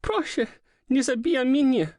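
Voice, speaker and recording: A male audiobook reader voicing a wounded, terrified young woman who pleads in a high, shrill voice. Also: measured pace, darkish tone, dry recording, studio quality. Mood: pleading, terrified.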